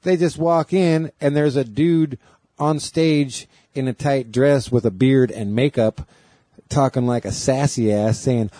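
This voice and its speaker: A man's voice: medium pitch, fairly even intonation, unhurried, mellow, no echo. A man who does stand-up comedy, telling a rambling story in casual chat and laughing along.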